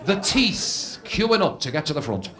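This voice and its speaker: A man's voice: fairly high pitch, very animated, measured pace, a crowd in the background, noisy background. A man doing a stand-up comedy routine, telling stories and acting out characters in shifting voices, recorded live before an audience. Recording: live show with loud audience laughter. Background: audience laughing.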